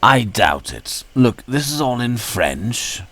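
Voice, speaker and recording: Slow, musing man commenting on gameplay. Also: medium pitch, very animated, a bit bright, no room sound. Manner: musing, talks to himself while playing. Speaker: let's play host.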